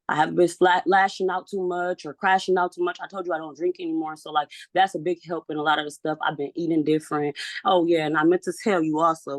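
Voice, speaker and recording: A woman's voice: lowish voice, no room sound, clean studio sound. A woman speaking as a mother in a court hearing, frustrated and pleading, from home over a video call. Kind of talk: emotional court testimony.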